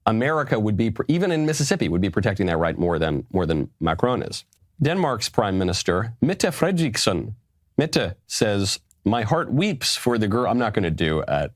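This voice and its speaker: Male commentator, sarcastic, lecturing, lively swinging pitch, dry close sound. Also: dry recording. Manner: sarcastic, lecturing, laughs at his own points. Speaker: political commentator. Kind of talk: political commentary clip.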